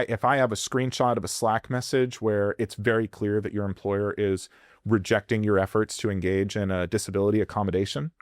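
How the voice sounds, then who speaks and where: Blunt, animated man giving frank advice. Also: on the low side, dry recording, clean studio sound. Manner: blunt, profane, animated, acts out quoted voices. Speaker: employment lawyer guest. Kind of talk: candid advice in a podcast interview.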